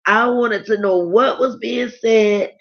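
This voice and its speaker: Her voice is fairly high, steady, slow, and gravelly. She's a middle-aged live-stream host who chats candidly, reads out viewer comments, and rambles with restarts, all captured in dull lo-fi audio.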